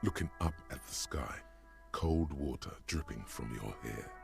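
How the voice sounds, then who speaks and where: An actor voicing a brooding male narrator in a video game, speaking in a deep, gravelly voice. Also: lively intonation, a little slow, music in the background, full character voice.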